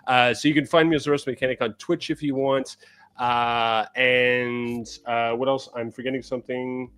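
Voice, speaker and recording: A man from Canada co-hosting a casual collector podcast, talking quickly with lots of fillers and restarts. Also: medium pitch, little pitch movement, fairly bright tone, smooth. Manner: quick, rambling, many fillers. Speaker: podcast co-host. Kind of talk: casual chat.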